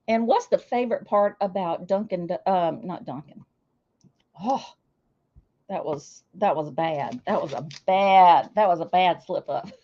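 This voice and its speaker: A woman's voice: mid-range voice, highs cut off. A woman hosting a casual livestream, chatting with viewers and calling out their names with a chatty, self-deprecating manner. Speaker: livestream host.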